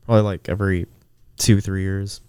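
Low, dark-voiced man musing on life. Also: level tone, a little fast, clear, resonant tone, dry recording. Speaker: podcast co-host. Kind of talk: casual podcast chat.

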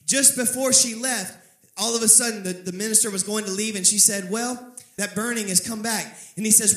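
A man preaching a sermon, telling a story and calling on the congregation to answer back, with dramatic slowing on key phrases. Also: high voice, steady tone, a bit bright, roomy sound, low-quality recording. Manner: preaching with call-and-response prompts to the congregation. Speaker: pastor.

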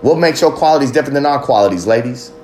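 A man's voice: medium pitch, lively intonation, rapid-fire, darkish tone, slight background noise. A man hosting a podcast, delivering a heated, profane, preachy monologue and firing pointed questions at his listeners. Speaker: podcast host.

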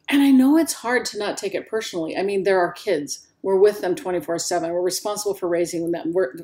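A woman's voice: medium pitch, darkish tone. A woman hosting a solo parenting talk, speaking earnestly and encouragingly straight to her listeners. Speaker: parenting podcast host.

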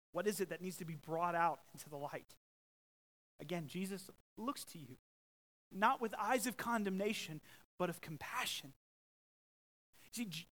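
A man preaching a sermon as pastor, emphatic and swinging from loud, stressed lines to hushed ones. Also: a little high, rough recording.

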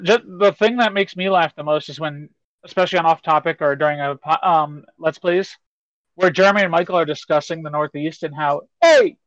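A man's voice: on the high side, brisk, fairly bright tone, no echo. A man in casual chat, blunt and wisecracking, swearing a lot. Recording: dull lo-fi sound.

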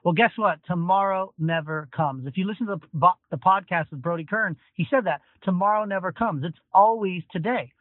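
A man's voice: high-pitched, fairly quick, few pauses, dry recording. A middle-aged man hosting a solo motivational podcast from a parked car, talking energetically and emphatically. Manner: energetic, emphatic, conversational with frequent "like". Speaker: podcast host. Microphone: phone voice recorder. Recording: tinny phone recording.

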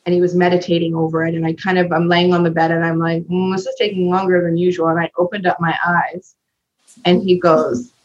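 A woman with a lowish voice tells a personal story on a podcast in a loose, chatty way. She brings it to life and slips into the voices of the people she quotes. The recording sounds dull and lo-fi. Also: flat delivery, a little fast. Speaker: podcast co-host. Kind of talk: casual storytelling chat.

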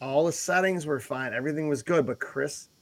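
A man co-hosting a podcast with a slightly high voice, swearing freely through animated, worked-up stories. His talk is casual and crude, and he comes through over a remote call setup. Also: brisk. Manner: profane, animated storytelling. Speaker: podcast co-host.

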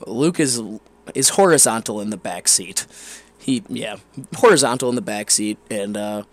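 A man's voice: lowish voice, moderate pace. Young guy on a podcast telling a messy, sweary story, all worked up. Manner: rambling, profane, animated storytelling. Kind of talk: casual storytelling chat.

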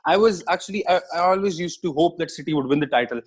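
Male guest, slightly higher voice, chatty, giggly, restarts a lot, remote call. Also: fast, breathy edge. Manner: laughs often, talks in rambling restarts. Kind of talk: casual chat.

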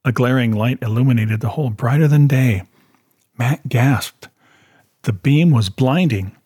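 A male audiobook narrator with a steady storytelling delivery. His voice is slightly husky at a middle pitch, recorded dry and close. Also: unhurried, no echo. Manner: steady storytelling, voicing characters.

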